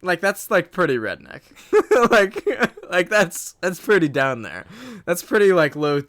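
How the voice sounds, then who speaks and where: A man's voice: sits high, very animated, measured pace, fairly bright tone. Young male podcast co-host, casual and joking, voice swings up and down a lot. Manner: joking, filler-heavy, laughs often. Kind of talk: casual chat.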